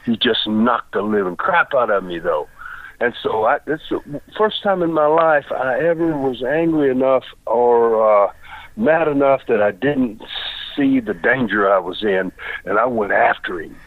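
A man's voice: mid-range voice, animated, measured pace, dry recording. An older man, a retired wrestler telling a long story in a rambling, folksy way with lots of repeated words. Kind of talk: casual storytelling. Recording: dry phone-like line.

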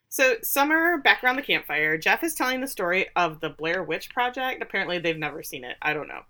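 Bright-voiced woman doing a sarcastic recap. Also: fairly low pitch, very animated, a little fast, few pauses. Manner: sarcastic, incredulous asides. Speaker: podcast co-host. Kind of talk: casual TV recap chat.

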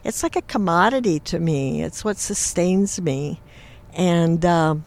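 A woman in a reflective conversation, emotional and halting, her voice catching as she searches for words. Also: fairly low pitch, vocal fry, darkish tone. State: teary. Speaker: interviewee, arts lover.

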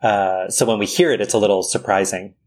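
Man, podcast co-host, low voice, husky, measured, laughs along. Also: fairly even intonation. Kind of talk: casual chat.

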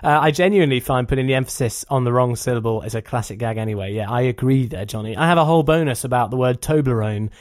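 A man's voice: mid-range voice, fast, few pauses, dry recording, studio quality. A man co-hosting a podcast in casual chat, reading out listener emails and laughing often. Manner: animated, laughs often, reads emails aloud.

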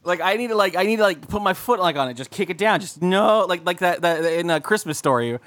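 A man's voice: high-pitched, animated, fast talker, fairly bright tone. A young man co-hosting a comedy podcast, telling crude, rambling stories full of swearing. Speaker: podcast co-host. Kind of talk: casual comedic chat.

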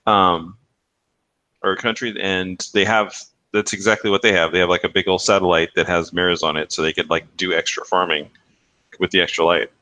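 Bright-voiced, rambling podcast guy. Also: low-pitched, steady tone, fairly quick, no echo. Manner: rambling, profane, laughs at his own jokes. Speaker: podcast co-host. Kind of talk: casual banter.

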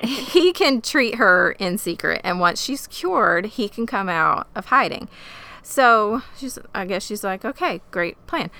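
A woman co-hosting a casual podcast, recapping a TV episode with animated, profane, emotional reactions. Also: medium pitch, smooth. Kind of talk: casual chat.

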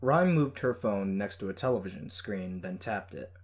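A man reading a first-person story in a steady, measured way. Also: sits low. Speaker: audiobook narrator. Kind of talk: scripted first-person narration.

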